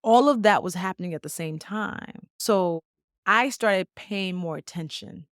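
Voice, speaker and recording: A woman in her late thirties, hosting a podcast, tells a personal story in a lively, conversational way with casual slang. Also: mid-range voice, unhurried, no room sound, clean studio sound. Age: late 30s. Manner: lively, conversational, acts out quoted dialogue. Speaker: podcast host.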